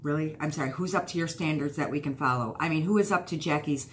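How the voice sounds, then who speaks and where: A woman's voice: sits low, fast talker, a little hiss or hum. A woman YouTuber giving a heated, blunt vlog rant, swearing and hammering points with repetition.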